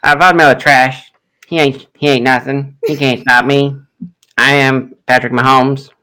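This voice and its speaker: A man's voice: mid-range voice, flat delivery, measured pace, bright, forceful tone. A man putting on a boastful quarterback with a Southern drawl. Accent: Southern US, put on. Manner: trash-talking, bragging, clipped slangy grammar. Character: cocky adult male star quarterback, boastful.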